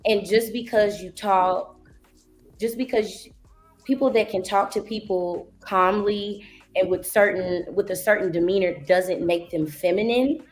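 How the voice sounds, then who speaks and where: A woman panelist on a podcast, firm and measured as she argues her point. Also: medium pitch. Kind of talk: podcast debate.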